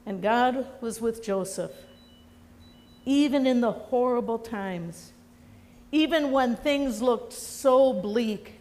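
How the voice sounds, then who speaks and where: A woman's voice: on the high side, takes it slowly, a little mellow, long reverb tail. A woman pastor preaching a sermon in a church, telling stories earnestly. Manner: earnest storytelling. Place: church sanctuary.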